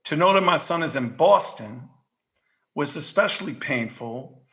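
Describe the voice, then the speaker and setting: A man in his fifties from Queens with a New York accent, telling stories in casual podcast chat, swearing freely and shouting when worked up. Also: on the high side, lively intonation, measured pace. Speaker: guest.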